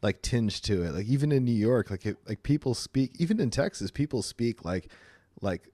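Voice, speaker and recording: A man's voice: mid-range voice, expressive, normal speed, mellow, no echo, clean studio sound. A man chatting casually, rambling with lots of fillers and restarts. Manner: rambling, many likes and restarts. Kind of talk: casual chat.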